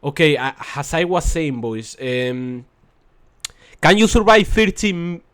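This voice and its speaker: A man's voice: fairly high pitch, expressive, unhurried, fairly bright tone, clear, resonant tone, dry recording. Rambling young gamer man, dry close mic. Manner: rambling, repeats "boys" and "that's crazy", frustrated asides. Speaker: gaming video host. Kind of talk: casual gameplay commentary.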